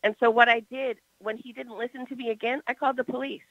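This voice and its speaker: A woman telling a personal story on a talk show in a casual, animated way. Her voice swings between loud and soft. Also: a little high, fast, no room sound, highs cut off.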